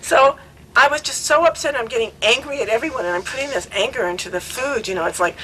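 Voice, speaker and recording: A woman casually telling a self-mocking story to friends in a lively way. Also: sits high, quick pace, slight background noise, poor audio. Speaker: devotee sharing memories.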